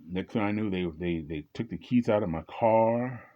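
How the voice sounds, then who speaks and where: In a lowish voice at normal speed, a man shares a conversational personal story about his twenties, though he's older now. Fillers and false starts are frequent, and he raises his voice during the angry exchanges he acts out, over dull audio.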